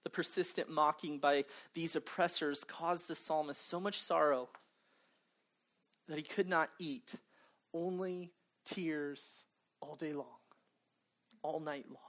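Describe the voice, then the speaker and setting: Low-voiced woman preaching a sermon. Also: fairly even intonation, takes it slowly, long pauses. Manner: earnest and emphatic, with humorous asides.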